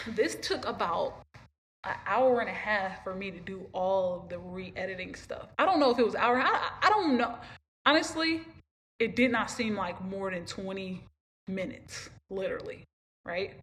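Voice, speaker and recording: A woman's voice: mid-range voice, animated, moderate pace, fairly bright tone, slight background noise. A young woman hosting a podcast, telling a long story in a rambling, emotional way and repeating herself. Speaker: podcast host. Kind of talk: casual storytelling monologue.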